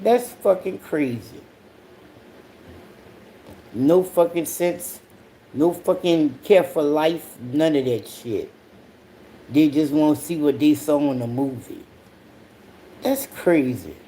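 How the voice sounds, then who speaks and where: A host telling a story in a casual monologue, full of cursing and laughter. The voice is warm and unhurried, and it jumps high when exasperated. A faint hum of noise sits under the voice. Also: animated. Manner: profane, blunt, with sudden high-pitched outbursts. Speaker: podcast host.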